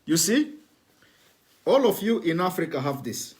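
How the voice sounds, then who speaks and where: A man's voice: a little high, very animated, unhurried. A man giving a repetitive, instructive demonstration to viewers in a live broadcast. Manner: repetitive, instructive, plain spoken.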